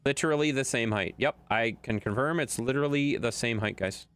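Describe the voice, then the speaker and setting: A man's voice: medium pitch, fairly quick, fairly bright tone. A man from Wisconsin live-streaming a game and chatting bluntly with his viewers, swearing and bickering with them as he plays.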